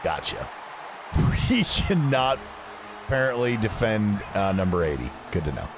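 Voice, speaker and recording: A man streaming a sports video game, talking to his chat in an unhurried, easygoing way. His pitch swings up and down a lot as he jokes around and reads messages aloud. Faint music plays underneath. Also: very animated. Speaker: gaming streamer. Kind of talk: casual live-stream chat while gaming.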